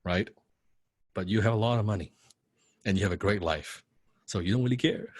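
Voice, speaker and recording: A man with a non-native English accent, coaching students in a blunt, forceful, profane and repetitive way. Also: on the low side, fairly quick, slightly rough, no room sound, studio quality. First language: not English. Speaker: copywriting coach. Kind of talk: motivational coaching talk.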